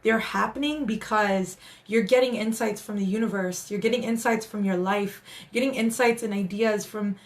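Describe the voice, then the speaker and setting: A woman's voice: medium pitch, steady tone, moderate pace, few pauses. Earnest woman giving a spiritual pep talk. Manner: earnest, encouraging, rambling with restarts. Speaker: spiritual guide hosting a live update. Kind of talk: casual live-stream talk.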